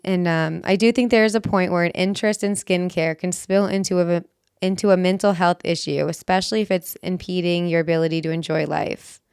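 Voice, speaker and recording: A woman's voice: lowish voice, steady tone, brisk, a little mellow, clear, resonant tone, no room sound, studio quality. A woman co-hosting a podcast, reading forum posts aloud and chatting casually, laughing easily. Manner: laughs easily, short backchannel replies. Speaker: podcast co-host.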